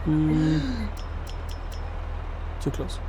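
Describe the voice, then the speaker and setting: A man's voice: a little high, drawn-out words, background noise. A young man from Sweden streaming a farming game, chatting casually and rambling with self-mocking asides. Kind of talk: casual gameplay commentary.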